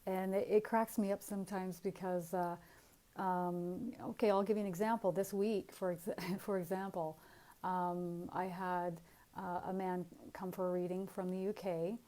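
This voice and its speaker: Middle-aged woman medium, lively casual storyteller, laughs easily. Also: fairly low pitch, moderate pace, low-quality recording. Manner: animated storytelling, frequent laughs. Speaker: spiritual medium. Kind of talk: casual spiritual talk.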